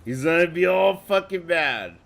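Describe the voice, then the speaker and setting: A high-pitched man commenting on a game stream in a profane, excitable, rambling way. His voice swings widely in pitch and sounds bright, yet he talks at an unhurried pace. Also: creaky, slight background noise. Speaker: restream commentator. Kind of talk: casual reaction commentary.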